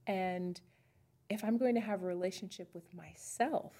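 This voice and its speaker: With a mellow, medium-pitched voice at normal speed, a woman pastor co-hosts a podcast of casual faith talk. She works through ideas thoughtfully and searchingly, frequently starting her sentences over.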